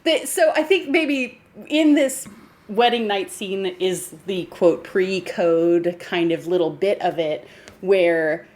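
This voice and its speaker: A woman co-hosts a podcast in an easy, chatty film discussion. She laughs often and slips into little acted-out quotes as she makes her points. Her voice sits at an everyday middle pitch. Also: takes it slowly. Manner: animated, laughing, acts out quotes. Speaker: podcast co-host.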